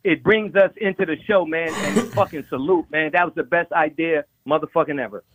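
A man's voice: a little high, fairly quick, a bit bright, no echo. A man calling into a show over the phone, telling roast jokes with eager stammers. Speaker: caller. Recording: tinny phone line.

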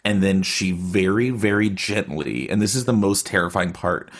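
A man's voice: low-pitched, moderate pace. A man telling a story casually over a video call, rambling with lots of filler words. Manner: rambling, filler-heavy, frequent "like". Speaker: guest storyteller.

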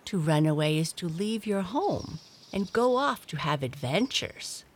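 A woman's voice: on the low side, sing-song, measured pace, slight background noise. A woman voicing a worldly young male cat in a storybook, speaking in a knowing, slightly proud way. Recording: clear music behind voice.

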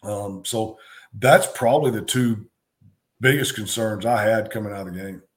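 Low-voiced former coach, emphatic and repetitive. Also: male voice, normal speed. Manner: emphatic, repeats phrases for stress. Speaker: co-host, former football coach. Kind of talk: casual sports talk.

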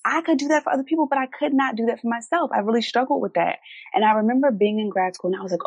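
A woman's voice: on the high side, racing, darkish tone, husky, no room sound, highs cut off. A woman from the United States with a Philadelphia accent, co-hosting a live podcast and telling candid personal stories. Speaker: podcast co-host. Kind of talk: casual live conversation.

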